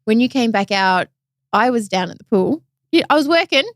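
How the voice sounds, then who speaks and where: Upbeat woman host, kinda high voice, super gushy, dry close sound. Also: animated, moderate pace, no echo. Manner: gushing, enthusiastic, says "like" a lot. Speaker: podcast host. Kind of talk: casual interview chat.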